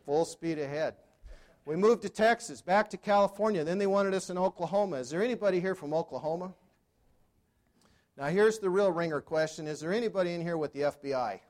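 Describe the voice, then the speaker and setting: A man in his sixties, a motivational speaker, gives a storytelling keynote to a live audience in a voice that sits high and moves fairly quickly. He keeps it conversational, with dry humor and questions thrown to the crowd.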